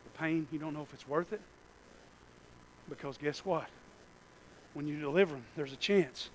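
A man, preaching a sermon in a church and telling a personal story that swings from hushed to shouting. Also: on the high side, moderate pace, slight background noise, rough recording. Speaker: pastor.

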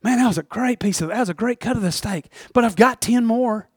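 A man's voice: very high-pitched, a little fast, breathy edge, no room sound, studio quality, voice pushed up. A preacher doing a careless rich man. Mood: offhand.

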